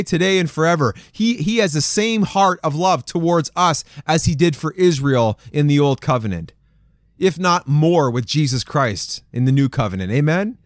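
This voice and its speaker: Male podcast preacher, fervent and repetitive, with a lively voice and dry sound. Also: high voice, no echo. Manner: fervent, repetitive, rising emphasis on quoted promises. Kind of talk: preaching to men, reading scripture.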